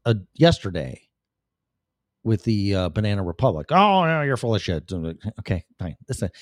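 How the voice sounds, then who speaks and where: This livestream host rambles through a casual, profane rant, his voice shifting suddenly now and then. He sounds fairly low and a little mellow, captured in clean studio sound with no echo.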